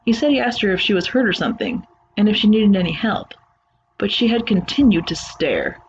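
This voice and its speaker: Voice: medium pitch, big pitch swings, brisk, slight background noise. Dull-sounding horror story narrator. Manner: plain conversational first-person retelling. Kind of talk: reading a horror story aloud.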